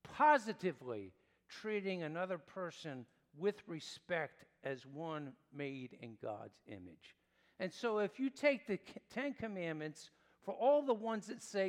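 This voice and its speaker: A pastor preaching a sermon, emphatic, with large swings in pitch and loudness. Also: male voice, big pitch swings, measured pace, long reverb tail.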